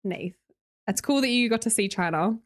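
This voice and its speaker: A woman's voice: a little high, moderate pace. An Australian woman streamer in casual live-stream chat, reading viewer messages aloud, chatty and laughing often.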